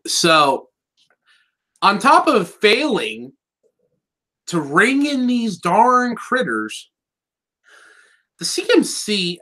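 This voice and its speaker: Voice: mid-range voice, pushed and bright. A podcast co-host in a casual chat who teases and makes wry, sarcastic asides.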